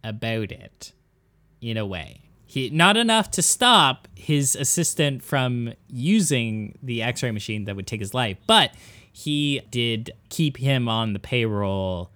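A man's voice: mid-range voice, lively intonation, takes it slowly, bright, forceful tone, dry recording. A man hosting a comedic history podcast, telling the story in a rambling way with many fillers. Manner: rambling, filler-heavy storytelling, says "exactly" and "correct" a lot. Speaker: podcast host.

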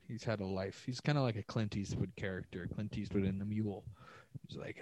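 A man's voice: on the low side, steady tone, a little fast, darkish tone, poor audio. A man who is a comedian and hosts a podcast, riffing alone in a rambling, profane, self-mocking way. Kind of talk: solo podcast monologue.

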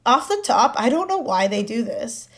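A young woman with a fairly high-pitched voice speaks at a moderate pace. Co-hosting a podcast, she chats casually as an animated storyteller, acting out quotes and laughing often.

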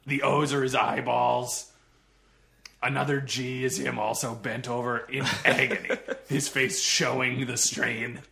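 A man's voice: mid-range voice, level tone, measured pace, gravelly, sharp tone. A man riffing absurd jokes in improvised comedy banter as a podcast co-host, often breaking into laughter.

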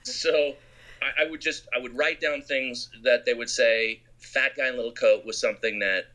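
Bright-voiced man telling film-set stories. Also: medium pitch, moderate pace. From Arizona. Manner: animated storyteller who acts out quotes. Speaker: film director guest. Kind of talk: anecdotal interview storytelling.

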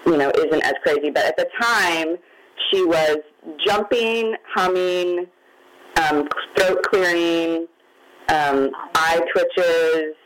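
A woman's voice: fairly low pitch, slow, poor audio. Middle-aged woman guest, candid, emotional, holding back tears. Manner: open, candid, near tears at times. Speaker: guest, magazine founder. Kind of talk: emotional personal storytelling.

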